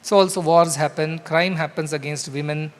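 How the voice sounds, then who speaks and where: A man's voice: on the high side, fairly even intonation, moderate pace. A man with an Indian English accent gives a spiritual discourse in a large hall, explaining scripture loosely and conversationally through a story. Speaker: spiritual speaker. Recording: long hall reverb.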